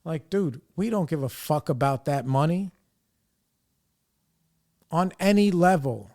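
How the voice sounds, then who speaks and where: A man's voice: fairly high pitch, expressive, a little slow, darkish tone. A young man hosting a podcast, telling a frustrated story in a casual, profane way and quoting others in his own voice. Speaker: podcast host.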